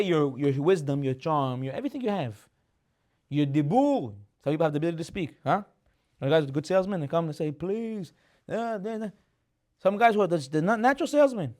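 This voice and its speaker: A young man giving a lively Torah class, laughing often and dropping Hebrew terms into his English. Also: on the high side. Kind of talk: lively sermon on the weekly portion.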